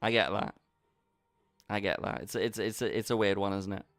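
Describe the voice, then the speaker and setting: A man's voice: lowish voice, fairly even intonation, normal speed, a bit bright, dry recording. A man chatting casually with his viewers while he plays online poker, bantering and talking to the chat. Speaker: poker streamer. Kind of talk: casual live-stream commentary.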